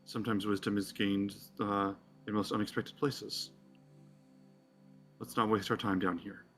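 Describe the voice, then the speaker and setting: Regal queen, cool and composed, formal and unhurried, played by a male game master. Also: lowish voice, little pitch movement, soft background music, voice pushed down. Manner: slow, formal, quietly superior.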